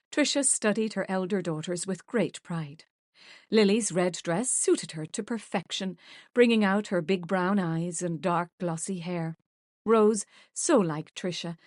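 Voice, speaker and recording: A woman reads a romance audiobook in measured, even narration at a middle pitch. The recording is close and dry, with no room echo. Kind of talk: scripted narration.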